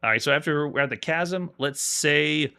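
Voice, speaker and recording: A streamer of retro games, this man talks fast in a slightly high voice that's sharp, clear and resonant. Playing an old adventure game live, he voices the screen text and chats with his viewers between commands.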